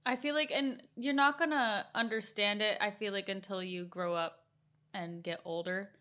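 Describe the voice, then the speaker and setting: A woman's voice: medium pitch, fairly even intonation, normal speed, pushed and bright. A young American woman co-hosting a casual podcast chat, full of "like" fillers and easy laughter. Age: young adult. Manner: chatty, lots of "like" fillers, laughs as she talks. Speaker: podcast co-host, daughter.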